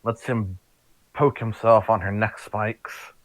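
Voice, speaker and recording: A man's voice: lowish voice, fairly even intonation, slow, dry recording, low-quality recording. A man playing in a tabletop game, speaking in a questioning, stop-start way in casual chat.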